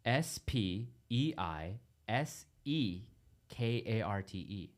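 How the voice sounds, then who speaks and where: A man hosting a relaxed live stream who stumbles cheerfully through foreign words and spells them out letter by letter. His pitch swings a lot, so he sounds animated and upbeat. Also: slow pace. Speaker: host. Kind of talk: casual live-stream chat.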